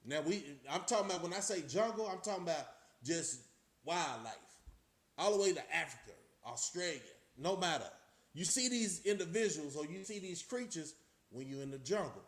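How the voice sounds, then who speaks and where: A man's voice: on the high side, expressive, moderate pace, a bit bright. Streetwise middle-aged Texan man musing aloud. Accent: Texas. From Austin, Texas. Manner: preachy, rhetorical questions, streetwise slang. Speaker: vlogger. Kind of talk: casual talking to camera. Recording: roomy echo.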